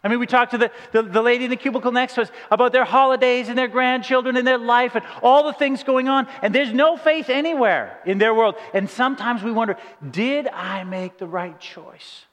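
A man's voice: extremely high pitch, fast, hardly any pauses, fairly bright tone, long reverb tail. A male pastor preaching a sermon, telling stories with playful asides to the congregation.

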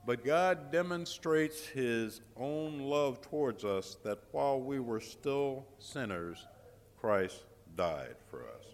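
A man preaching a sermon, telling a story with dramatic pauses and emphatic repetition. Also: mid-range voice, big pitch swings, a little hiss or hum. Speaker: guest preacher. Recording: long hall reverb.

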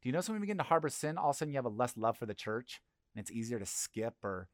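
A man's voice: medium pitch, expressive, rapid-fire, fairly bright tone, no room sound, studio quality. A middle-aged male pastor giving a conversational sermon and asking the congregation questions.

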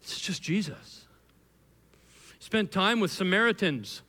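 A male pastor preaching a sermon to a live congregation, telling the story in an animated, conversational way with frequent restarts. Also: high-pitched, unhurried. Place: church hall with a live congregation. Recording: long hall reverb.

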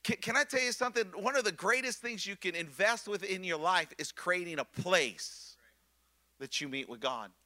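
A man preaching a sermon with passion, often repeating words as he builds momentum, rising to loud excitement and dropping to a hush. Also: sits high, normal speed. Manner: impassioned, swings from loud excitement to hushed softness. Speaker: pastor.

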